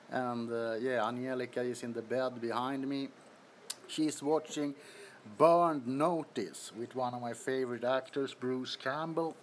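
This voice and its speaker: Recorded on a phone in his apartment bedroom, this male livestream host talks casually, says hello to viewers and laughs a lot while sweating from the heat. He has a mid-range voice with fairly even intonation, speaks a little slowly, and there is slight background noise.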